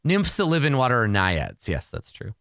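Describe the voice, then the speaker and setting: A man narrating his solo tabletop game in a relaxed, rambling and self-amused way. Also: mid-range voice, moderate pace, clear, resonant tone, no echo, studio quality.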